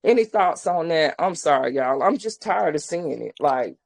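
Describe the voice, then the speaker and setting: A woman's voice: low-pitched, lively intonation, moderate pace, vocal fry. A woman host giving blunt, profane commentary, ranting with exasperation to her listeners.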